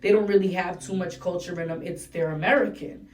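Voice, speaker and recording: Speaking briskly in a lowish, steady voice, a young New England rapper with the region's accent talks bluntly and swears freely during a casual interview as the guest. The mic sounds distant and roomy.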